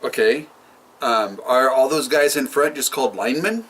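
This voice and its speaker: A man's voice: mid-range voice, moderate pace, fairly bright tone, far from the mic, a little hiss or hum. A man co-hosting a casual chat over drinks, teasing and laughing often. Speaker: podcast co-host.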